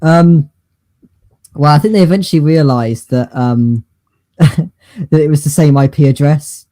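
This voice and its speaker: A man co-hosting a podcast, telling stories in a halting, rambling way with many fillers and restarts. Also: fairly high pitch, warm tone, no echo. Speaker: podcast co-host. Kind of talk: casual chat.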